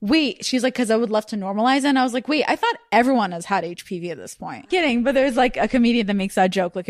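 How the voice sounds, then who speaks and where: A young woman hosts a podcast in casual chat, talking fast with a higher voice. She tells stories animatedly and acts out the voices in her quotes. The sound is dry and close. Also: animated, no echo. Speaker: podcast host.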